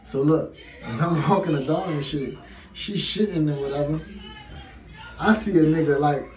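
A man in his twenties with a heavy Chicago accent, telling a story to camera in a lively, slangy way and laughing often. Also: a little high, moderate pace, some chatter behind. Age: 20s. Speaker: vlogger. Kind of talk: casual storytime. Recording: echoey room, faint music.

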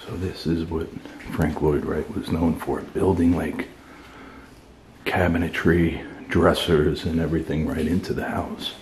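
A man's voice: extremely low pitch, flat delivery, unhurried, a little mellow. A man hosting a paranormal exploration vlog, chatting nervously and stumbling over his words while walking through an abandoned house. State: clearing throat, cough drop in mouth. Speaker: host of a paranormal exploration channel. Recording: noisy handheld recording.

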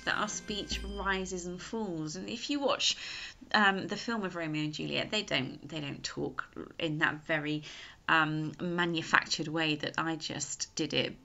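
A woman's voice: medium pitch, pushed and bright. A woman with an English accent, teaching a recorded school lesson and explaining patiently step by step, with frequent fillers.

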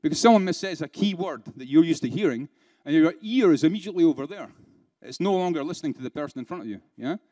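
A British man delivers a conference keynote in a chatty way, firing rhetorical questions at the room and slipping into dry sarcasm. His voice sits a little high for a man and sounds close and dry. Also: animated, quick pace, few pauses, dark tone, no echo. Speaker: keynote speaker.

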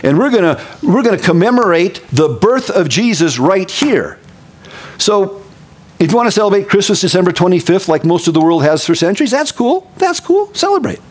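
Man, pastor, from minnesota, middle-aged, casual folksy preaching, slightly high voice. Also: lively intonation, fairly quick, breathy edge. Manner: folksy, conversational, candid asides. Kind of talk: casual sermon.

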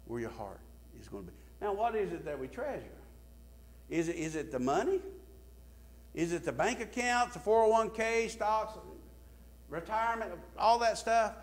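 A male pastor preaching a sermon, swinging from emphatic bursts to quiet, low drops. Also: very animated, normal speed.

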